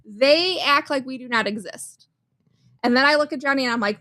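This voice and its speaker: A woman's voice: a little high, moderate pace, sharp tone, no room sound. A woman co-hosting a live show, telling a story in brassy, self-mocking casual chat.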